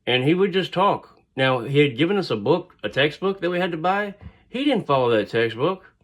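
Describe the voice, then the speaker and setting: A man's voice: on the high side, big pitch swings, moderate pace, fairly bright tone. A man casually telling a personal story, rambling and digressive with frequent fillers.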